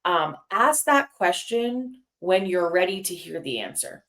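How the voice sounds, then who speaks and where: A woman's voice: on the low side, lively intonation, measured pace, a bit bright. Frank woman co-host, casual chat. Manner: frank, candid, says "babe". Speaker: podcast co-host.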